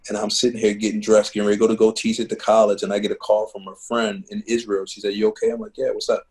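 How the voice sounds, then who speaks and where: A musician and teacher from Baltimore speaks in a lowish, monotone, darkish voice at a rapid-fire clip. In a conversational interview in his home living room, he tells earnest, heartfelt stories, dropping "man" and "you know" a lot. The recording is rough.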